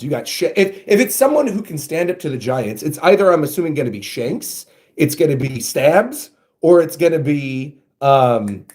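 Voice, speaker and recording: A man hosting a casual reaction, thinking out loud as he reads panels aloud. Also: mid-range voice. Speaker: manga reaction host.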